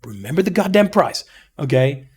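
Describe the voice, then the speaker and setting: A man giving a rambling, profane headphone review, often stopping to correct himself and getting excitable. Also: a little high, moderate pace, breathy edge. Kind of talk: casual review monologue.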